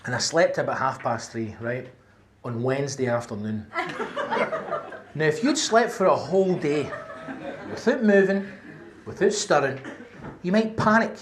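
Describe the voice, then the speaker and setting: Speaking at a measured pace with long pauses, a high-voiced Glaswegian man performs stand-up, swearing freely and acting out shouts as he tells his story. The live stage mic at the comedy venue captures a noisy background and audience laughter.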